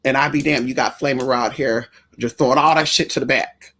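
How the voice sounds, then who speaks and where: A woman's voice: very deep voice, fairly even intonation, brisk, fairly bright tone, a little hiss or hum. A trans woman vlogger telling a story to her viewers in a sassy, chatty way, calling them y'all and honey.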